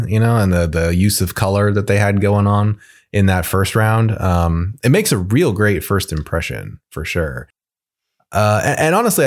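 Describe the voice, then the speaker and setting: Low-voiced guy rambling thoughtfully about a game, podcast chat. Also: darkish tone. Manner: thoughtful, meandering, hedging. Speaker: podcast co-host. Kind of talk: casual game review chat.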